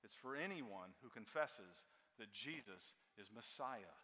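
A male preacher delivers a sermon with a bright, forceful voice. He is emphatic, repeating key words for weight. His voice rings out with the long reverb of a large church hall. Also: on the low side, lively intonation, unhurried.

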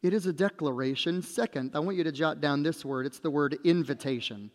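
A man preaching a sermon as pastor, slow and deliberate, emphatic, dropping low at the ends of his phrases. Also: long reverb tail.

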